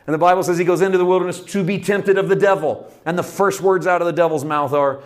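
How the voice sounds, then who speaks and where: A man preaching a sermon with impassioned delivery, dropping to a hush and rising to loud emphasis, stretching out key phrases. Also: high-pitched, fairly even intonation, fast. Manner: impassioned, swinging from hushed to loud.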